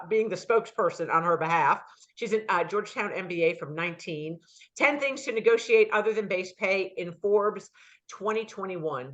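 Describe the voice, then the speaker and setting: A woman career consultant giving advice in an online chat, telling stories and acting out the dialogue in them. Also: mid-range voice. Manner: lively storyteller who acts out dialogue. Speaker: career consultant, guest speaker. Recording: dull lo-fi audio.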